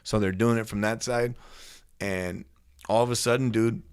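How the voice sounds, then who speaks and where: A man's voice: lowish voice, steady tone, normal speed, smooth, no echo, studio quality. A young man hosting a podcast, retelling a spooky story in casual, profane slang. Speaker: podcast host.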